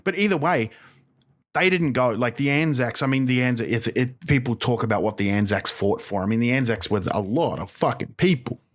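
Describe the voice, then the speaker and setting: A comedian hosting a podcast, delivering a rambling, sweary, sarcastic rant. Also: male voice, mid-range voice, fairly quick. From Australia. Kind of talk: stand-up style rant.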